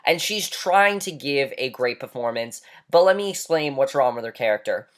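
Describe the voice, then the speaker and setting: A man's voice: mid-range voice, expressive, moderate pace, a bit bright. A man ranting through a movie review, heated, blunt and emphatic, swearing now and then.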